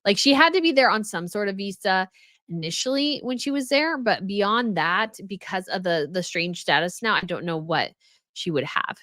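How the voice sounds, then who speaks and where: A woman's voice: medium pitch, animated, moderate pace, sharp tone, dry recording, studio quality. An American woman hosting a casual live stream, reading viewer comments aloud and chatting about them. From United States. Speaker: royal news channel host reading live chat.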